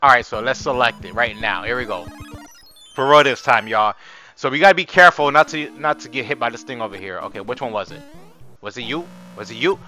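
A young man giving chatty, excitable gameplay commentary as host, talking to viewers and swearing, a bit hoarse from screaming. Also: medium pitch, brisk, faint music behind. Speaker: gaming channel host.

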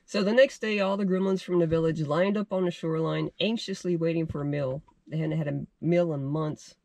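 High-voiced man telling a casual tale. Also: fairly even intonation, fairly quick, gravelly, darkish tone, dry recording. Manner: rambling, with fillers and self-corrections. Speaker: fishing channel host telling a tale. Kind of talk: casual storytelling.

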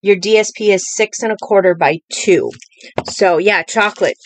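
A woman's voice: medium pitch, moderate pace, a little hiss or hum. A woman hosting a live-streamed craft tutorial from a home craft table, talking in a chatty, rambling way with many fillers. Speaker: craft demonstrator.

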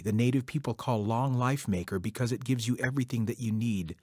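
A man's voice: medium pitch, darkish tone, slightly rough, dry recording, studio quality. A man telling a traditional folk tale to children in a conversational way, speaking directly to his listeners. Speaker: storyteller. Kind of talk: oral folk storytelling for children.

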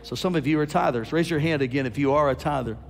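Guy preaching, gets loud and lively, jokes with the room, faint music behind. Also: a little high, creaky. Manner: animated, rising to loud preaching peaks with quick asides. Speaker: guest preacher. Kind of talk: sermon.

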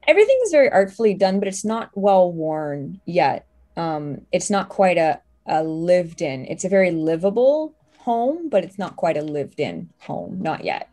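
A woman's voice: lowish voice, very animated, moderate pace, dark tone. A woman narrating a tabletop horror game as game master, describing the scene with hesitant fillers and restarts.

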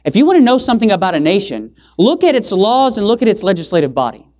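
A man delivers an impassioned sermon in a church setting. He keeps questioning his listeners, then answers himself, leaning hard on key words with sudden rises in pitch and loudness. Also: big pitch swings, fast. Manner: emphatic, asks the audience rhetorical questions; swings pitch and loudness for emphasis. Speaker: evangelist preacher.

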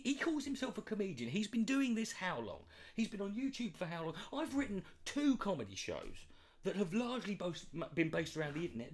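Sarcastic man ranting. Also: high-pitched. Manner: sarcastic, mocking. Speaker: commentator reacting to clips. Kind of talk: sweary comedic rant.

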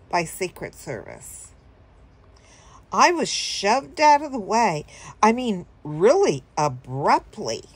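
A woman's voice: mid-range voice, breathy edge. A woman telling a story casually to her viewers, rambling with fillers and chuckling now and then. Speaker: vlogger.

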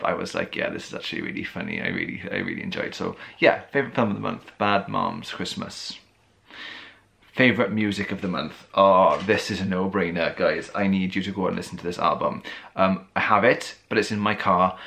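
Deep, gravelly man chatting in his bedroom. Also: a bit bright. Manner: chatty, rambling, friendly. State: tired, losing his voice. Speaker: vlogger. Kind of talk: casual chat.

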